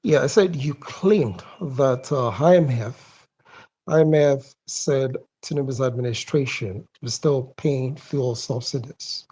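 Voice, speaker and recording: A man questioning another speaker in an online audio discussion, measured and halting, with many fillers. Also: mid-range voice, dark tone, breathy edge.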